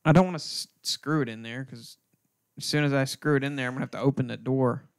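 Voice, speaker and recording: Gravelly man, casual podcast host. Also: medium pitch, steady tone, fast talker. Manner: loose, joking, profane banter.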